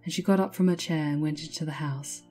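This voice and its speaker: Low, mellow woman narrating a fairy tale, measured pace, faint guitar underneath. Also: steady tone, husky.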